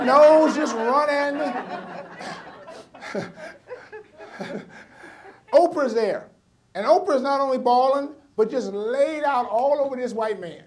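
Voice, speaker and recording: A middle-aged man performing stand-up comedy, telling a personal story with wry, punchy asides and sharp comic timing. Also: very high voice.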